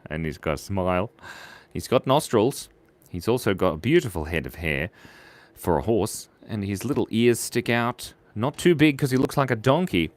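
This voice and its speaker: A man's voice: on the low side, lively intonation, moderate pace. A man hosting a live drawing stream, chatting with viewers in a playful, silly way. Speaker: online drawing show host.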